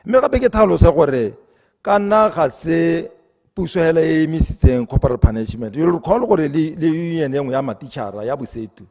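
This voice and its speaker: A man's voice: a little high, lively intonation, brisk, a little mellow, big-room sound. A man, a government minister, answering questions in parliament with many hesitations and switches into English. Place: parliament chamber.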